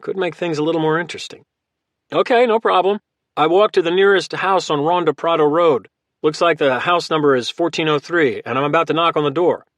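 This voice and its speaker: A man voicing a calm, calculating former Marine who talks in a friendly, easygoing way. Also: medium pitch, a little fast, no echo. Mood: casual. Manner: casual and friendly, turning hard.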